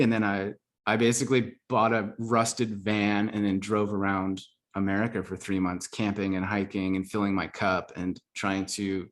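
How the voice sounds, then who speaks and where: Earnest, low-voiced man telling his story. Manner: earnest, reflective, full of fillers like "like". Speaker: podcast guest, life coach. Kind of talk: casual storytelling interview.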